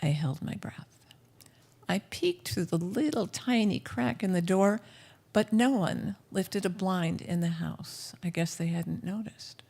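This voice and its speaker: A woman's voice: fairly low pitch, animated, unhurried, creaky, a little mellow. A woman telling a personal story live at a café, in a vivid, well-paced first-person manner. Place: café stage.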